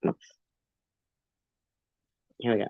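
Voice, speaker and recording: A woman's voice: slow, no echo, phone-quality sound. A woman hosting a casual livestream trivia chat, playful and giggly. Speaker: livestream host.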